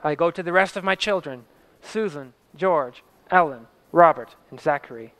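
A man's voice: a little high, normal speed, a bit bright. A man voicing a devout, steadfast pastor who speaks solemn, fervent words of faith. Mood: solemn farewell. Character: devout, steadfast male pastor facing death.

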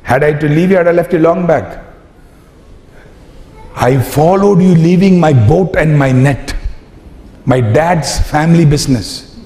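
Animated preacher in an echoey hall. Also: male voice, a little high, unhurried, pauses often. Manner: dramatic storytelling, acting out dialogue. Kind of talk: sermon. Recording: echoey hall with faint noise.

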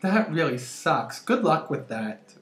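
A woman's voice: sits low, very animated, takes it slowly, heavily acted. A woman voicing a blunt three-year-old boy in a retold story, with a roomy echo. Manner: blunt, matter-of-fact.

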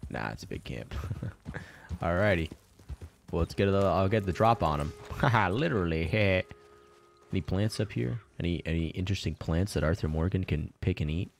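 A man's voice: low-pitched, animated, moderate pace, creaky. A man streaming a video game, chatting casually as he plays, swearing constantly and chuckling between remarks. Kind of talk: casual let's-play commentary.

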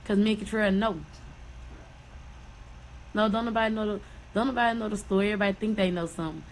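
A woman's voice: mid-range voice, steady tone, slight background noise, low-quality recording. A woman angrily ranting on social media, swearing and repeating herself. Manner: angry, profane, fast.

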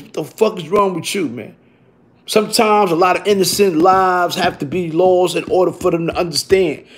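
High-voiced New man, rambling streetwise. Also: moderate pace. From Brooklyn, New York. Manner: streetwise, profane, repeats "you heard?" tags. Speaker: vlogger.

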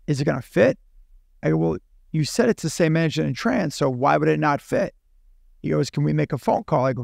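Gravelly man telling a lively story. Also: on the high side, no room sound, clean studio sound. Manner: animated, acts out dialogue in quick bursts. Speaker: podcast guest. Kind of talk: casual storytelling.

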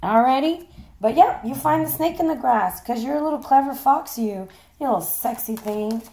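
A hoarse woman giving a chatty, playful tarot reading, swearing casually as she talks. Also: high voice, expressive, normal speed, mellow. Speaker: tarot reader.

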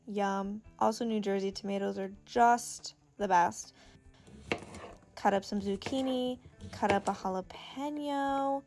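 A woman's voice: on the high side, creaky, a little mellow. A young woman chatting casually in a crafting vlog, bubbly and gushing, sometimes counting stitches under her breath. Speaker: crafting vlogger.

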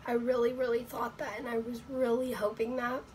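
A woman vlogs from her bedroom in a hoarse, nearly gone voice that sits a little high. She rambles with lots of fillers and keeps slipping into breathy whispers. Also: level tone, a little fast, a little mellow, a little hiss or hum, low-quality recording. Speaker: vlogger. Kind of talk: casual talk to camera.

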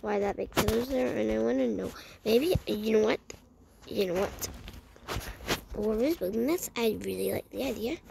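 A woman playing a game and chatting to viewers, excitable and talking to herself, often dropping to a hushed whisper. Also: fairly high pitch, moderate pace, vocal fry, noisy background. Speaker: gaming vlogger.

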